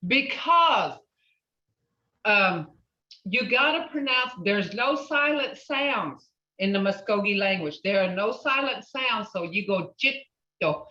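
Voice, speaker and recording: A woman teaching a language class, patiently repeating words slowly to model pronunciation. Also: medium pitch, pushed and bright. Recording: roomy, distant, dull lo-fi classroom recording.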